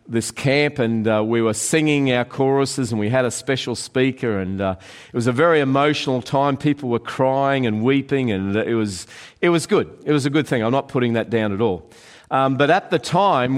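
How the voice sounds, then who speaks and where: A middle-aged pastor delivers an earnest sermon in a mid-pitched voice. He often slows down and softens to a near hush on key phrases, then picks up again. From Australia.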